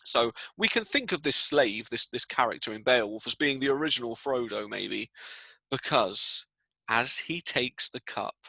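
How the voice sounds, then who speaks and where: A man telling a story to children in a live lesson, playful and animated, dropping to a hush for the tense parts. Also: medium pitch, moderate pace, creaky, no echo, poor audio. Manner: playful, animated storyteller who drops to hushed tones. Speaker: teacher reading out children's comments.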